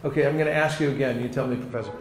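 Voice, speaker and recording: Lively man teaching in an echoey room. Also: mid-range voice, rapid-fire. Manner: lively, demonstrates dialogues, laughs often. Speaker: seminar teacher. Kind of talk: teaching with acted-out demonstrations. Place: seminar room with an audience. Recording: roomy hall echo, faint noise.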